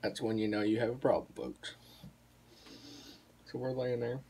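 A man's voice: medium pitch, moderate pace, darkish tone, a little hiss or hum. A young man, telling a rambling, profane story to the camera in a casual vlog. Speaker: vlogger.

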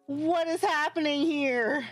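A woman's voice: high-pitched, slow pace, dry recording, faint music behind. A young woman streamer, out of breath, greeting her chat with effusive, bubbly energy. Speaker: variety streamer.

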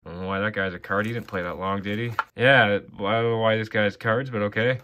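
A man with a bright, forward tone talks casually while he opens hockey card packs. He reads player names off one after another and drops offhand comments between them. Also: lowish voice, steady tone, a little fast. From Canada. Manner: reads names off cards in a running list with offhand asides. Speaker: card collector opening packs. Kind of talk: casual box-break commentary.

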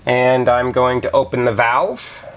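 A man giving a casual how-to demonstration of home winemaking at home, explaining each step in a relaxed, chatty way with occasional fillers. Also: medium pitch, a little slow, a little hiss or hum. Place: indoors at home.

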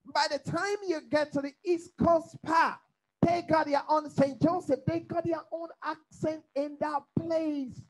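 A woman teaching a Bible study in preaching style, lively and humorous, asking the listeners to fill in her words. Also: high voice, a little slow, poor audio. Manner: rhetorical call-and-response questions; lively, humorous, mimics accents.

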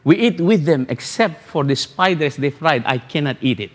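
High-voiced pastor preaching in a reverberant hall. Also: male voice, animated, background noise. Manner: repetitive, rhetorical preaching with halting restarts. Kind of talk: sermon.

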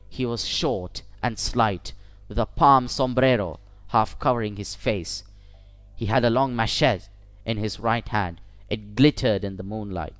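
A man narrating a first-person short story for English learners in a measured, deliberate way. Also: on the low side, fairly bright tone, clear, resonant tone, no echo. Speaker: audiobook narrator.

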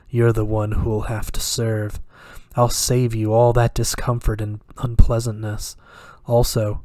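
A man voicing a sinister, teasing male devil who speaks quietly and slowly with a cruel, purring menace in a read horror story. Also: lowish voice, no echo, clean studio sound, natural voice.

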